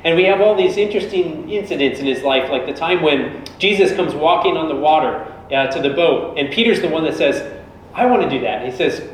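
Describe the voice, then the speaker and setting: A man's voice: on the high side, fairly quick, hardly any pauses, far from the mic, a little hiss or hum. Man preaching in an echoey church. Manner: conversational, informal storytelling. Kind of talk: sermon. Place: large church.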